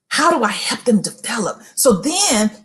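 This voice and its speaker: High, animated woman preaching motivation. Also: moderate pace. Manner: emphatic, repeats phrases for emphasis; addresses listeners directly and rhetorically. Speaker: motivational speaker. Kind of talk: preaching-style motivational talk.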